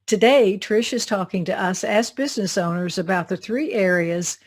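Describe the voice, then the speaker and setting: A woman's voice: medium pitch, moderate pace, breathy edge. Southern American woman hosting a business show. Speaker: show host. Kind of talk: scripted introduction and interview.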